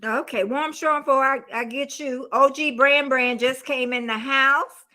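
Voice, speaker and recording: A woman's voice: high voice, steady tone, unhurried, bright, forceful tone. A woman in her sixties hosting a casual livestream celebration, effusive and emotional, often exclaiming and laughing. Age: 60s. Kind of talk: casual chat.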